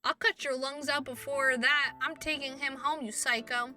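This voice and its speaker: High, bright female streamer reading game dialogue aloud, expressive and foul-mouthed, a little off-mic over game music. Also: moderate pace, recorded from a distance. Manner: expressive, swears, laughs at herself. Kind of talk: game playthrough, reading and reacting.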